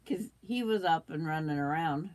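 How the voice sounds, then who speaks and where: Older woman with the hiccups, a lowish voice, chatting casually as a sewing livestream host. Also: moderate pace, darkish tone, no room sound. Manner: chatty, reads out viewer comments, hiccups.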